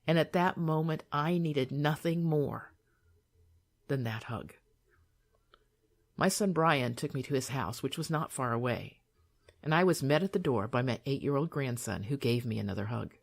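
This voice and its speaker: An older woman reading her own memoir aloud in a calm, soothing, measured way. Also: rumbling low, creaky.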